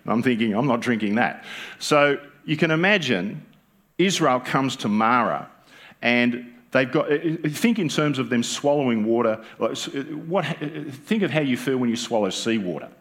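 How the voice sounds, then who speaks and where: A man's voice: mid-range voice, expressive, normal speed, fairly bright tone. An Australian man preaching a sermon as pastor, conversational and joking with the congregation, often asking them rhetorical questions. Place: church.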